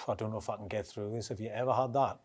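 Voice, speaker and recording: A man hosting a podcast, asking gentle, searching questions with fillers. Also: fairly low pitch, steady tone, quick pace, breathy edge. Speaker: podcast host. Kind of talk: interview questions.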